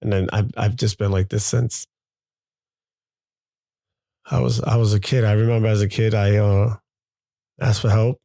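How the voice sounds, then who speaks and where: A low-pitched man with a gravelly, mellow voice speaks openly as a father reflecting on his own life. He talks in a halting, confessional way, circling back and repeating himself as he searches for words. The sound is close and dry. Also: level tone, no echo. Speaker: father and show host. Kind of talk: candid reflective monologue.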